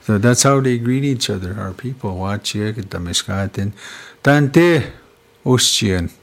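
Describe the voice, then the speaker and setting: A man from Canada telling traditional star stories in an unhurried, conversational way, often tagging his phrases with "eh?". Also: lowish voice. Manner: unhurried, repetitive, ends phrases with "eh?". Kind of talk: casual storytelling conversation.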